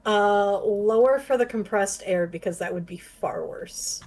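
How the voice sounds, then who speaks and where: A woman's voice: mid-range voice, unhurried, a little mellow, low-quality recording. A woman chatting casually as a player in a tabletop game, laughing often.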